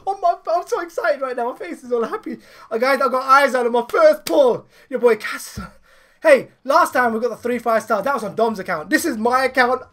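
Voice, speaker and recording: A man co-hosting a gaming channel, giving excited commentary while summoning in a mobile game, hyped and shouting when thrilled. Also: very high-pitched, brisk.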